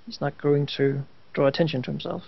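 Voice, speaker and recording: A man's voice: fairly high pitch, fairly even intonation, a little fast, vocal fry. A man playing a tabletop game, speaking hesitantly with many restarts. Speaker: player. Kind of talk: tabletop role-play chat. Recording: dull lo-fi voice chat.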